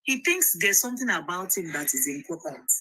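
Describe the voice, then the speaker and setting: A woman's voice: fairly low pitch, very animated, brisk, pushed and bright, slightly rough, rough recording. A woman in casual chat who chimes in with short agreements and pointed remarks.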